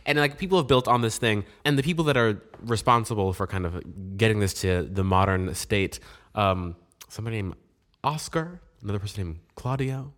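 A young man with a fairly low voice co-hosts a laid-back chat. He rambles and jokes, filling his talk with ums and likes. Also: fairly quick, fairly bright tone. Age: young adult. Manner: rambling, filler-heavy, jokey. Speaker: podcast co-host. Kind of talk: casual chat.

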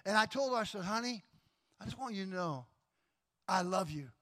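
A middle-aged man preaches in a church, voice pitched high for a man. He tells his story with animation, laughing and acting out the other voices as he goes. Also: fast, a bit bright. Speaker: pastor. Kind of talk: sermon with personal story.

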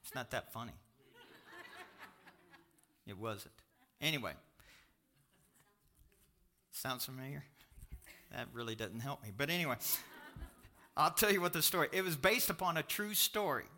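A middle-aged pastor with a Kentucky accent, preaching a sermon in an emphatic storytelling manner that swings from exclamations to low confiding asides. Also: male voice, measured pace, long pauses, bright, forceful tone, a little hiss or hum.

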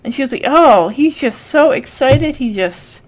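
A woman host giving a casual, animated recap of a TV episode, acting out the characters' lines and saying "like" often. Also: high voice, unhurried, background noise. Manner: animated storytelling, acts out characters' lines, frequent "like". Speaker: podcast host.

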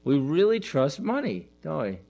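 A man's voice: fairly high pitch, wildly swooping pitch, moderate pace, creaky, dark tone, faint music behind. A middle-aged man preaching a conversational sermon as a pastor, asking the listeners questions and repeating his phrases.

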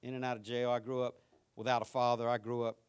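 A man, preaching a sermon in a church, swinging from loud passion to hushed intimacy and telling folksy stories full of rhetorical questions. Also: mid-range voice, level tone, fast, clear, resonant tone. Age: 50s. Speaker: pastor.

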